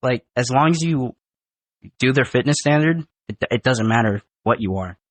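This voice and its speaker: A man's voice: mid-range voice, normal speed, no echo. A young man, a recent Marine recruit, telling boot camp stories in casual podcast chat, swearing often and acting out his drill instructors. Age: young adult. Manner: animated, profane, acts out drill instructors. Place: podcast studio.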